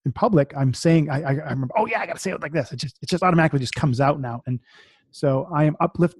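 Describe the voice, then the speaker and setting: A man's voice: medium pitch, steady tone, fast talker, darkish tone, no room sound, clean studio sound. A man from the US East Coast, a podcast guest, talking casually and reading affirmations aloud, often repeating his words.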